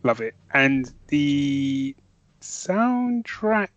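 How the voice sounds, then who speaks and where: This podcast co-host, from North London, England, chats casually and with enthusiasm, stumbling into many fillers and restarts. His voice is fairly high and bright with big pitch swings, he speaks very slowly, and the audio is dry and dull.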